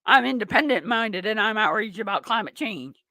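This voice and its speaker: A woman's voice: medium pitch, expressive, moderate pace, bright, forceful tone, dry recording. A woman hosting a political talk radio show, ranting with sarcastic indignation.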